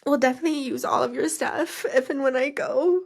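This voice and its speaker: A woman's voice: high-pitched, a little fast. A young woman hosting a podcast, telling personal memories in a rambling, casual way with many fillers. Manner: rambling, many fillers, laughing through tears. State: crying at times. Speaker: podcast host.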